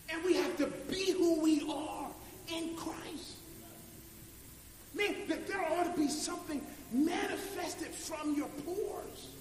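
High-voiced preacher shouting in an echoey church. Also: male voice, a little hiss or hum. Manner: preaches in rising shouts with a sung cadence. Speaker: pastor. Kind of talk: sermon. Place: church sanctuary. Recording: echoey church hall, faint ambience.

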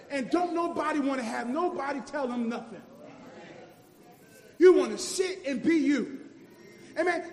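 A man preaching a call-and-response sermon, shouting and half-singing his lines. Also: extremely high pitch. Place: church. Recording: echoey church hall with music and congregation.

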